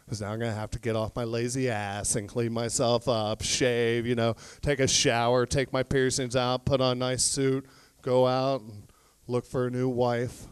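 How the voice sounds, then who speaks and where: A man doing a stand-up comedy set on a club stage, telling deadpan stories and acting out both sides of conversations. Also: medium pitch, moderate pace, clear, resonant tone, no echo.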